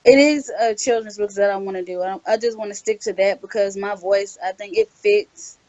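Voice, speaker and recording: A young woman talking about her voice work in a halting, filler-heavy way. The sound is close and dry, with a slightly dull, lo-fi edge. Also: medium pitch, fairly even intonation, darkish tone, no echo. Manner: hesitant, many fillers and restarts. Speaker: voice-over actress, interview guest. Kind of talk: casual interview answers.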